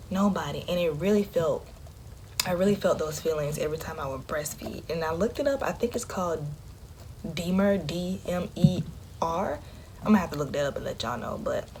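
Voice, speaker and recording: Low-voiced woman sharing candidly. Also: a little hiss or hum. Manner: candid, conversational, drops into a hush often. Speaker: vlogger. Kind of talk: personal storytelling to camera.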